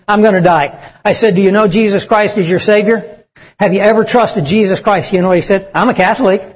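High-voiced preacher in an echoing hall. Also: male voice. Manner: impassioned, acts out quoted voices, shifts between loud and hushed. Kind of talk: sermon. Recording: reverberant hall.

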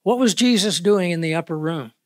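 A man preaching a sermon in an earnest way, slowing down to stress key words, speaking into a clip-on microphone. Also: high voice, no echo, clean studio sound. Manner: earnest, with slow emphatic pauses on key words. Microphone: wearing a clip-on microphone.

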